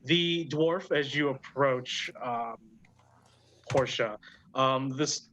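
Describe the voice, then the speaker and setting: A man narrating as game master of a tabletop game, pausing often with ums and restarts. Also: medium pitch, fairly bright tone. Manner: hesitant, many ums and restarts. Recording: dull lo-fi sound.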